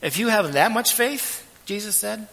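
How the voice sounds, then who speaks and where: A man's voice: high-pitched, expressive, vocal fry. Earnest preaching man in a reverberant hall. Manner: earnest, measured preaching with soft trailing phrase ends. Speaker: pastor. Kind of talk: sermon.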